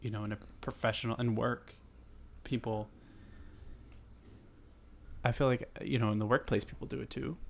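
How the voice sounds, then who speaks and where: Woman, extremely low voice, podcast co-host, agreeable, casual chat. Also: fairly even intonation, normal speed, gravelly, long pauses, a little mellow, slight background noise. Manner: agreeable, backchannels a lot.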